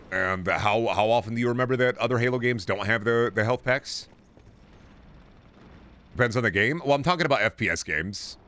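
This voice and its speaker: A man's voice: medium pitch, sharp tone. A man streaming a shooter game, talking to his chat in a profane, blunt and mocking way. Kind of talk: casual game commentary to chat.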